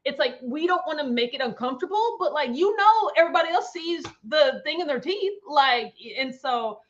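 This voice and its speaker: A woman hosting a livestream, chatting in an animated way and reading out viewer comments. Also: high-pitched, moderate pace. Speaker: livestream host. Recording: dull lo-fi stream audio.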